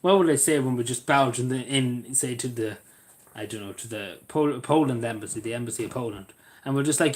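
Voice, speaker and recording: A man chatting casually on a live stream, rambling and joking, his voice often trailing off quietly at the ends of sentences. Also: mid-range voice, a little fast.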